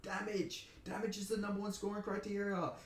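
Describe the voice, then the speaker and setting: A man's voice: high voice, monotone, a little fast, reverberant. Angry, profane Australian man ranting. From Perth, Australia. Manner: heated, profane, indignant ranting. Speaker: MMA commentator. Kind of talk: angry fight reaction rant.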